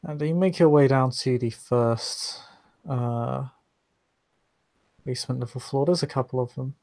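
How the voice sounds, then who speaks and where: Gravelly-voiced man running a tabletop game. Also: medium pitch, fairly even intonation, a little mellow, dry recording. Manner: halting, many filler sounds. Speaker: game master.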